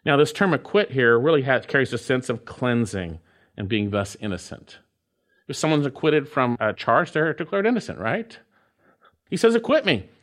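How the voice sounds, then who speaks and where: A man preaching an expository sermon, stressing key phrases with repetition, slowing down and dropping to a hush for emphasis. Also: medium pitch, sing-song. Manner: emphatic, repeats key phrases with dramatic pauses; swings between loud and hushed, slows to stress words. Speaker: pastor.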